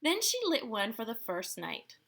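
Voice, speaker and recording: Expressive woman reading a picture book. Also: fairly high pitch, normal speed, gravelly. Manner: expressive, adds playful asides to listeners. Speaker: storyteller. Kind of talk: picture book read-aloud.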